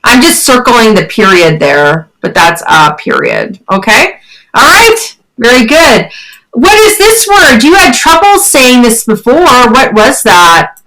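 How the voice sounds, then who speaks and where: A woman teaching English online to a child, asking encouraging questions in a bright, animated voice. She speaks slowly and clearly, and her pitch rises on questions. The sound comes through a computer headset mic. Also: low-quality recording. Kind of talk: one-on-one online lesson.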